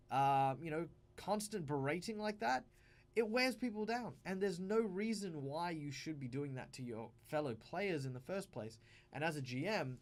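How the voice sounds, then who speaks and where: An Australian man hosts a casual advice talk about running tabletop games, his voice sitting a little high for a man. He speaks emphatically and animatedly, full of fillers, self-corrections and restarts. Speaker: tabletop game advice host.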